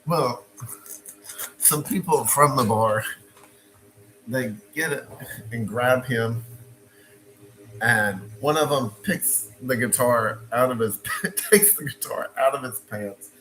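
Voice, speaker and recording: A man casually telling a personal story, animated and repeating himself, with frequent stops and restarts. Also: mid-range voice, slow pace, long pauses, a little hiss or hum, rough recording.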